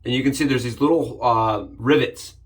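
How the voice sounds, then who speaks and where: A man hosting a casual shaving vlog, upbeat and jokey, rambling with frequent restarts and sudden excited jumps in pitch. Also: normal speed. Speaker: shaving channel host. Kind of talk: casual shave demonstration vlog.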